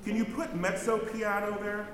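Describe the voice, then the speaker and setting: A man's voice: high voice, little pitch movement, moderate pace, a bit bright, slight background noise. A man directing a choir rehearsal, counting in beats and singing example phrases between instructions. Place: rehearsal hall. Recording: roomy hall with long reverb, faint music.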